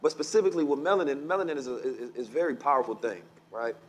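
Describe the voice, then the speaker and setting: A man's voice: mid-range voice, lively intonation, rapid-fire. A man with in a casual podcast conversation, talking in a preachy, emphatic way and often asking "right?". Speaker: podcast co-host.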